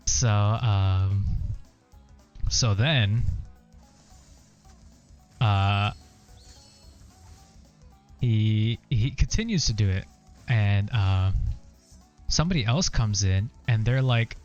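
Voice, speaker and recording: A man's voice: on the low side, takes it slowly, long pauses, darkish tone, clear, resonant tone, highs cut off, faint music behind. A young man telling a story in a casual, rambling way while he plays, with many "like" and "uh" fillers. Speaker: gaming streamer. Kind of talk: casual storytelling over gameplay.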